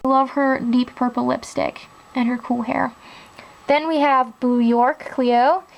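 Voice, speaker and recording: A young woman who collects dolls narrates a casual show-and-tell for her vlog in a high, steady, unhurried voice with vocal fry. She's chatty and enthusiastic, saying "like" and "really, really" often, and the recording quality is low.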